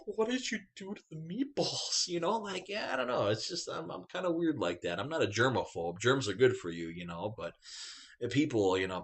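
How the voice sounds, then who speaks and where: A man's voice: a little high, a bit bright. A man vlogging in a casual, rambling rant, swearing freely as he talks to the camera. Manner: rambling, profane, chatty.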